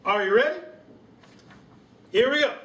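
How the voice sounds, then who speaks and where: A man doing a comic impression of a US president at home, giving a drawn-out formal welcome speech with deliberate stumbles. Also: extremely high pitch, lively intonation, pushed and bright, full character voice. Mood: stately. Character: male US president impression, stately and slow. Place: home living room. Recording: roomy room sound from a distant camera.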